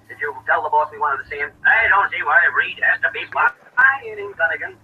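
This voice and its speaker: A man acting in a 1940s radio drama, playing snappy reporters and gruff officials. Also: fairly high pitch, fast talker, narrow, tinny audio, a little hiss or hum, close to an everyday voice. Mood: brisk. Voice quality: snappy, old-time radio delivery. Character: fast-talking newspaper reporters and gruff officials.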